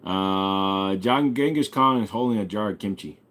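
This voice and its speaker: A man's voice: lowish voice, unhurried, a bit bright. A young man hosting a laid-back livestream, reading viewer comments aloud and answering with crude, swear-heavy jokes. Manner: joking, crude, swears often, talks to chat. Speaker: livestream host.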